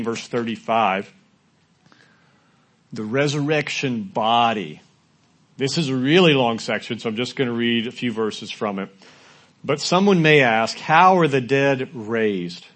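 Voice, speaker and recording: A man preaching a sermon in a conversational way, asking the congregation questions and at times rising to loud, shouted quotes. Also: mid-range voice. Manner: rises to loud shouting when acting out quotes. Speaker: pastor.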